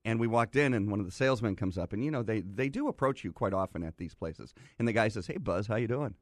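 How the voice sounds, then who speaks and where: Animated male show regular spinning an anecdote, voice swooping up and down. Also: lowish voice, fast, no room sound, clean studio sound. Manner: animated storyteller acting out other people's lines. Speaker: show regular telling a story. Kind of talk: casual studio chat.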